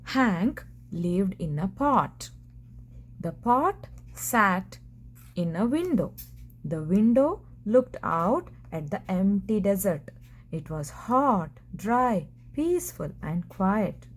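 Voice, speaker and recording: Woman, children's storybook read-aloud, slow, gentle, deliberate. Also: mid-range voice, sing-song, husky.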